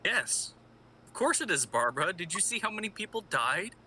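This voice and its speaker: A man voicing a brooding, defiant young male vigilante sidekick in a live fan audio drama read, sullen and low, flaring into angry shouts. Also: big pitch swings, moderate pace, slight background noise, heavily acted.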